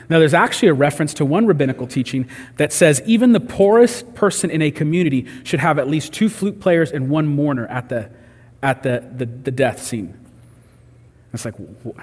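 A man's voice: fairly high pitch, a little mellow, slightly rough, in a large hall. A man preaching a sermon in a conversational way, acting out the voices he quotes. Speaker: pastor.

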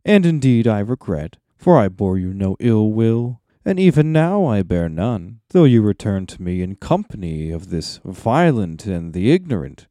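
A man voicing a proud, silver-tongued old male wizard, reading a book passage aloud in a coaxing, measured way. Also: lowish voice, sing-song, mellow, dry recording, studio quality. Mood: persuasive.

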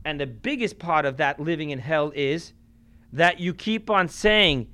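A man preaching a sermon as a rabbi, emphatic, with sudden swings between loud and quiet, and dropping in Yiddish and Hebrew religious terms. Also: fairly high pitch, expressive, a little slow.

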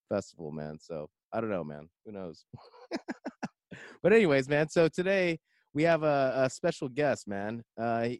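A man's voice: mid-range voice, darkish tone, no room sound. A man hosting a casual video-call podcast, laid-back and saying "man" and "basically" constantly. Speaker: podcast host. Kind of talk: casual chat.

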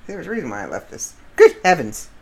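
Chatty middle-aged American woman, lively. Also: low-pitched, fast talker, vocal fry, slightly rough. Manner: rambling, chatty, laughs at her own stories. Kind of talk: casual monologue storytelling.

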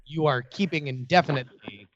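A man's voice: a little high, a little fast, dull audio, a little hiss or hum. Man explaining history on talk radio. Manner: explanatory, lots of fillers and restarts. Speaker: radio co-host.

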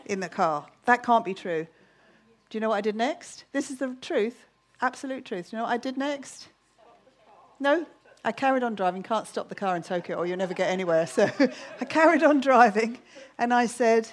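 A woman teaching at a church meeting, lively and animated, laughing easily and sinking to a soft hush when she prays. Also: a little high, fairly quick. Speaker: Bible teacher. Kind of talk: sermon with closing prayer.

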